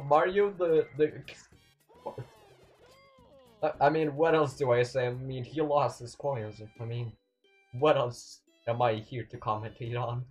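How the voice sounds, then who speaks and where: A young man commentating his own gameplay, excitable, swinging between yelling and muttering at the game. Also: mid-range voice, dull audio. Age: young adult. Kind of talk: let's play commentary.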